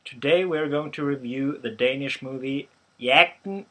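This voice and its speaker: A Norwegian man hosting a podcast, reviewing a film in casual chat, halting with many fillers and restarts. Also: mid-range voice, fairly even intonation, a bit bright. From Norway. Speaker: podcast host.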